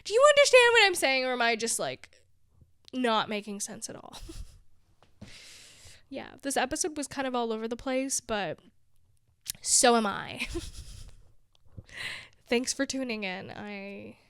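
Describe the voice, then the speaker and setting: A young woman rambles through her own podcast in a casual monologue, laughing at herself while sounding drained and close to tears. Her voice is smooth and clear, pitched slightly high, and she takes her time. The recording is dry, with no room echo. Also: animated, a little slow, long pauses, a bit bright. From big city. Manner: rambling, self-deprecating, laughs often. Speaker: podcast host.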